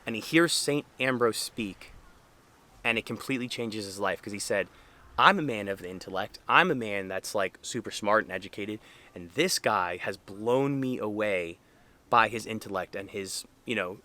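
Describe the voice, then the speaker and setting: A man's voice: on the low side, expressive, moderate pace, pushed and bright. A young man speaking earnestly and conversationally about faith, with frequent fillers. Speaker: Catholic speaker. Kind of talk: casual faith talk to camera.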